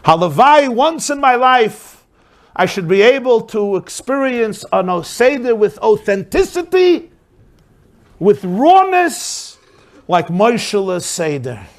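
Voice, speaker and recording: A man voicing an older rebbe who speaks with impassioned, drawn-out yearning. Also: on the high side, expressive, darkish tone, heavily acted.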